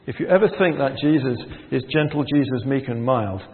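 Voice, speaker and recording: A man preaching a sermon, speaking emphatically with dramatic pauses. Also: medium pitch. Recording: echoey hall over a tinny line.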